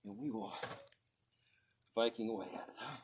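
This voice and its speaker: During a test-cutting session outdoors or in a workshop, a man demonstrating weapons for his own video chats casually, thinks aloud, and chuckles. His voice sits on the low side at a moderate pace. Heavy background noise is present.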